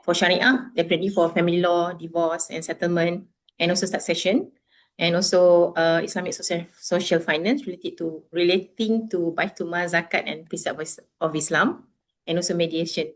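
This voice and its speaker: A woman, a lawyer introducing herself and presenting over a video call, pausing often with fillers and restarts. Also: on the low side, fairly even intonation. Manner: hesitant, many fillers and restarts. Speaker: lawyer and law firm founder. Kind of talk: self-introduction and presentation at an online club meeting.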